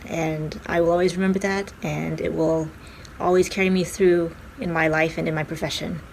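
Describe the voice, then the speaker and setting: A woman giving a measured, sincere video tribute. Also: sits low, flat delivery, vocal fry, slight background noise, rough recording. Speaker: family friend giving a tribute. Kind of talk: recorded video message.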